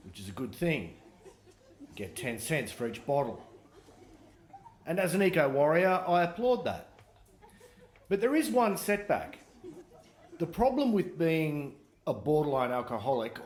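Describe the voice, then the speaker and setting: A man's voice: mid-range voice, reverberant, a little hiss or hum. An Australian man performing a stand-up comedy routine with dry, sardonic storytelling.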